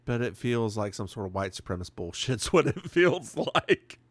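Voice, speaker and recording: A man's voice: mid-range voice, very animated, moderate pace, no room sound. A man co-hosting a podcast, casually recapping a TV episode with chatty, playful asides. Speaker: podcast co-host.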